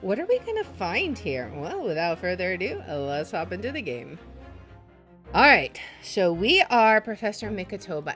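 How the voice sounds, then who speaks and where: A woman's voice: mid-range voice, a bit bright. A woman hosting a let's play, chatting expressively as she plays a game. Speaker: gaming streamer.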